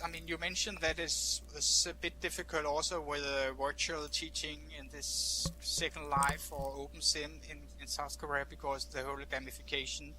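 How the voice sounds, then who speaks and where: Bright-voiced hesitant man. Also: a little high. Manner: hesitant, many fillers and repeated words. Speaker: participant teacher. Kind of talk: casual online discussion.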